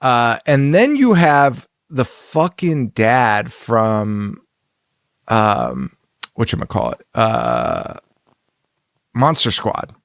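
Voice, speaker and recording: A man's voice: medium pitch, big pitch swings, extremely slow, creaky, dry recording, clean studio sound. A man co-hosting a casual film podcast, rambling and swearing, laughing often. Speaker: podcast co-host. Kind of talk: casual chat about films.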